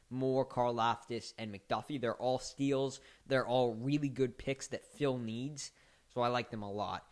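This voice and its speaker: Man, casual sports talk, chatty, mocking laughs, mid pitch. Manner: chatty, laughs and mocks with rising animated outbursts. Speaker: sports podcast host.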